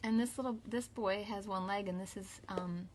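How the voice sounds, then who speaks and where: A woman's voice: mid-range voice, steady tone, normal speed, darkish tone, slight background noise. A young woman who is both mother and teacher, singing songs and reading a picture book aloud to young children in an upbeat, sing-song way. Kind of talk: kids' song and read-aloud lesson.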